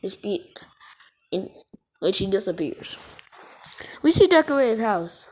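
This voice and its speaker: A woman's voice: medium pitch, big pitch swings, a little slow. A woman casually retelling a fan story as narrator, rambling and correcting herself as she goes.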